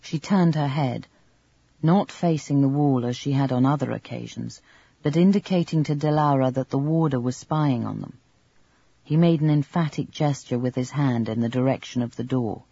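A man reading a novel aloud in measured, even scripted narration. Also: mid-range voice, gravelly, husky, dry recording. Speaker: audiobook narrator. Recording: dull lo-fi recording.

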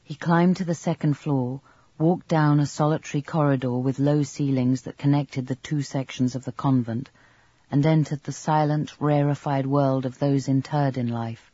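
A man reading a novel aloud as an audiobook narrator, in a measured, even storytelling manner. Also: mid-range voice, husky, no room sound, dull audio. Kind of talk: scripted narration.

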